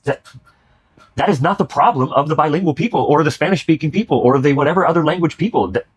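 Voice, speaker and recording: Husky-voiced man rambling in casual chat. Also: fairly high pitch, quick pace. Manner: rambling, many restarts and fillers, swearing, laughing. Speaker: host reacting to comedy clips.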